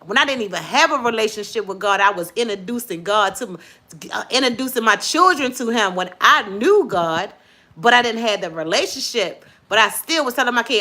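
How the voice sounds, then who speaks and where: A middle-aged woman hosting a casual live stream, lively and preachy, praising God between her chatter. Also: a little high, brisk. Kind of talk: casual chat with viewers and callers.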